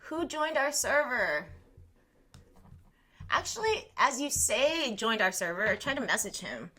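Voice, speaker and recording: A woman's voice: a little high, big pitch swings, measured pace, sharp tone. A young woman from Southern California chatting casually on a livestream, reacting to her chat, saying "like" a lot and laughing often. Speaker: livestream host.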